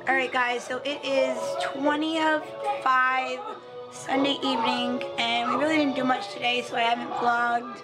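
Family vlogger, woman, high voice, a bit hoarse, chatty and rambling. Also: little pitch movement, normal speed, over loud music. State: slightly hoarse. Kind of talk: casual vlog chat.

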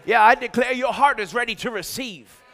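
A middle-aged man preaching a sermon, energetic and exhorting, calling out lines for the congregation to repeat and shouting emphatic points. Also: extremely high pitch, normal speed, faint music behind. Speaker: pastor.

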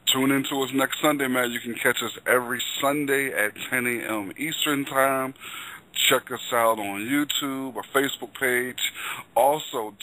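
A man hosts a faith talk radio show in a bright, clear-edged voice. He speaks at an ordinary middle pitch, moving from earnest prayer to easy, casual banter with his co-host. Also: rough recording. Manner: leads prayer, then relaxed sign-off banter.

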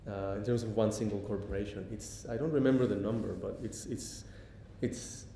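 A man giving a public lecture, pausing often with ums and restarting sentences. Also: gravelly, dark tone. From Mexico. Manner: halting, many ums and restarts. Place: lecture hall. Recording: echoey hall, faint rumble.

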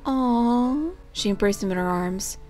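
A woman's voice: medium pitch, moderate pace, darkish tone, faint music behind. A woman steadily reading a storybook aloud. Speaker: narrator. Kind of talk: fan fiction reading.

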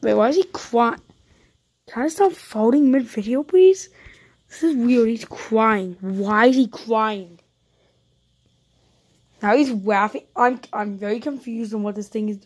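A woman's voice: fairly high pitch, unhurried. A woman doing live gameplay commentary as a YouTuber, jumpy and talking to her viewers, often repeating panicked no's. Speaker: YouTuber playing a roleplay game.

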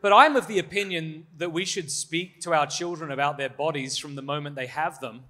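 A man's voice: a little high, brisk, pushed and bright. A man giving a live conference talk and answering audience questions in a candid, joking, self-deprecating way. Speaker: conference speaker. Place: conference hall before an audience.

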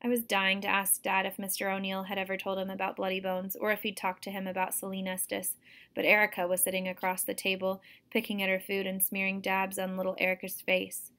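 A woman, a teacher, reading a novel aloud to students in a steady, expressive storytelling manner. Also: mid-range voice, fairly quick.

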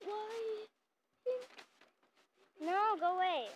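A woman giving casual, excitable commentary while playing a mobile game, chatting constantly to her viewers. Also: extremely high pitch, extremely slow, slight background noise, poor audio. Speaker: gaming channel host.

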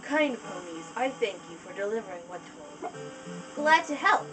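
A woman voicing a mysterious female zebra who speaks in slow, solemn rhymes. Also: mid-range voice, sing-song, far from the mic, over music, pitched below the performer's own voice, natural voice, low-quality recording. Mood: ominous.

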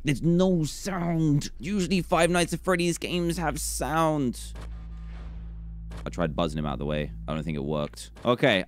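A young gaming YouTuber gives excitable commentary through a horror game, talking to its characters and jumping high in pitch when startled. His tone is clear and resonant.

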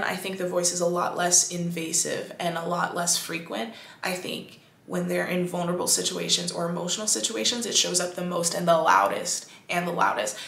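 A woman hosting a podcast, talking in a casual, animated monologue full of "like"s and restarts. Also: lowish voice, vocal fry, reverberant. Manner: animated, chatty, many "like"s and restarts. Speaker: podcast host.

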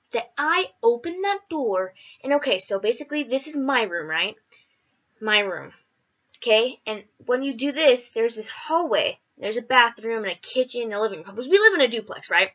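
Woman vlogger, lively swooping pitch, chatty rambling storyteller who acts out quotes. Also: highs cut off. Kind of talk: casual storytelling.

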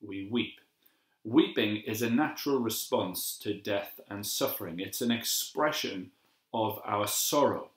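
A man giving a gentle, measured devotional sermon as a pastor, slowing down to repeat key phrases. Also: lowish voice. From England. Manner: gentle, measured and reflective, with slow emphatic repetitions. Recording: echoey room.

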